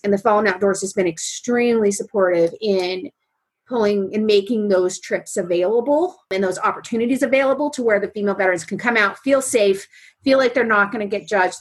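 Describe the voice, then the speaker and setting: A woman guest on a casual podcast, an animated storyteller who keeps adding "right?" and "you know". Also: mid-range voice, brisk, slightly rough. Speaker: guest, veteran fishing trip volunteer.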